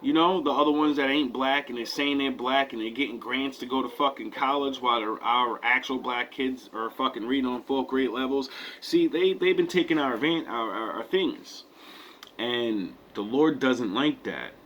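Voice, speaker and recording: A man's voice: medium pitch, moderate pace, fairly bright tone, a little hiss or hum. A man co-hosting a talk show, giving a profane rant in the style of a sermon. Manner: mock-sermon delivery, profane. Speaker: co-host. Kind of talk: preachy comedic rant.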